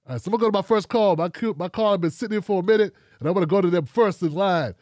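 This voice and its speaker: A man with a high-pitched voice hosts his own talk show. He speaks bluntly and casually and swears freely. The sound is dry and close, with no room echo. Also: racing. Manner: blunt, profane and animated, talking straight at the audience. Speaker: show host.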